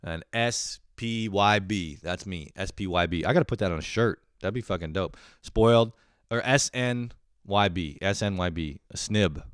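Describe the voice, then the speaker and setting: Young male podcast host, low and smooth, dry close sound, profane self-mocking rants. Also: normal speed, no room sound. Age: young adult. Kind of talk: casual comedic monologue.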